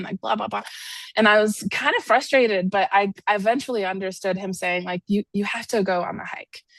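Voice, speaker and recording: A woman's voice: medium pitch, no echo. A woman therapist telling a candid personal story as a guest, talking casually with many fillers.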